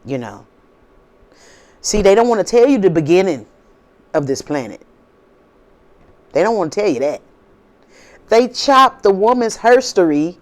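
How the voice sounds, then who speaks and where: This woman's mid-range voice swings widely in pitch, and she speaks at a measured pace, pausing often. As a spiritual video host on her own channel, she preaches casually to viewers, repeating herself and firing off rhetorical questions with an informal drawl.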